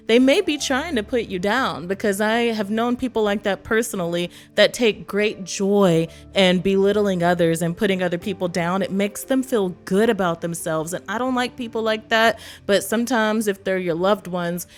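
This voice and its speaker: A woman from East Texas chats to camera in a loose, conversational way and laughs often. She acts out quotes in other voices along the way. Faint music plays under her voice. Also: mid-range voice. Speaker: vlogger. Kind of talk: casual talk to camera.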